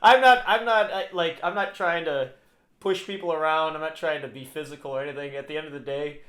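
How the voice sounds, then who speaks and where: A man's voice: on the high side, brisk. A man co-hosting a podcast, chatting casually and rambling with frequent restarts. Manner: rambling, restarts often, animated when laughing. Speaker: podcast co-host. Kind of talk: casual chat. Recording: echoey room.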